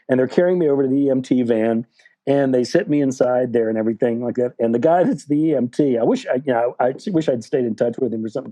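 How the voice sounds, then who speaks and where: Sixties male interview guest, relaxed mellow tone, loose chatty anecdote delivery. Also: medium pitch. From West Virginia, USA. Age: 60s. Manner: rambling, full of "like" and "you know" fillers, laughing at his own story. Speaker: guest author. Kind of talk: casual storytelling interview.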